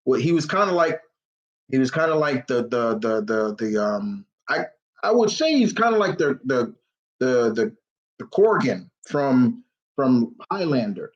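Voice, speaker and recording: A man's voice: mid-range voice, very animated, unhurried. Emotional rambling man on a live stream. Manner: rambling, many restarts and fillers; openly emotional, near tears. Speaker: host of a live Q&A. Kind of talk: casual live stream chat. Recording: dull lo-fi stream audio.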